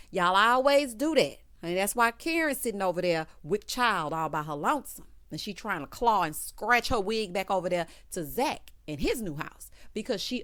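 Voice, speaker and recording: A woman hosting a casual TV recap, talking in a sassy, animated way and laughing often. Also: medium pitch. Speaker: TV recap host. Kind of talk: casual review chat.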